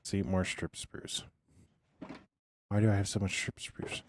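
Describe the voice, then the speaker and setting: A man with a very low, hoarse voice chats loosely through a live game stream. He rambles to himself and to his viewers, sometimes sliding down into a whisper. The talk is loose and unscripted, with a scratchy edge to the voice. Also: little pitch movement, a little slow. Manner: rambling, talks to himself and chat; drifts into whispering. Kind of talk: casual live gameplay commentary.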